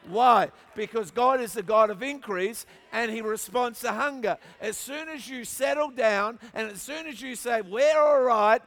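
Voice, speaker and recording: An Australian pastor with a high-pitched voice preaches to a church crowd, mixing humor with emphatic, repeated build-ups. His words carry a long reverb from a large hall. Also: moderate pace, few pauses, fairly bright tone. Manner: storytelling with humor, emphatic repetition. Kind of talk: sermon.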